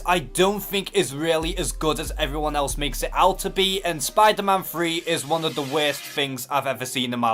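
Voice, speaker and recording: A young man with a Scouse accent reading out and answering viewer comments, expressive and sarcastic, often raising his voice and swearing. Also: a little high. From Liverpool, England. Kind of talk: casual commentary.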